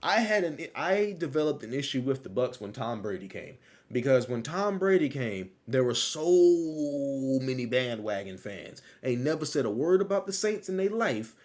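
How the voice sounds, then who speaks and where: A man hosting a casual livestream, talking loosely and repeating his phrases, still low on energy after an illness. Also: very animated, moderate pace, a little mellow. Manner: loose, rambling, repeats phrases, laughs easily. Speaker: livestream host.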